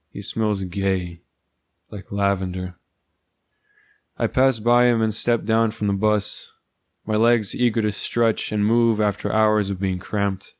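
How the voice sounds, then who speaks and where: Male storyteller, lowish voice, dry sardonic first-person read, very dry room. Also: a little mellow, no echo. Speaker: narrator.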